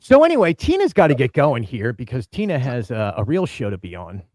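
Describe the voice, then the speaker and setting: A man hosting a casual fan podcast, telling animated stories and acting out quoted lines with big swings of pitch. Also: a little fast, no echo. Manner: excitable, acts out quotes with big jumps in pitch. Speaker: podcast host. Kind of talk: animated storytelling chat.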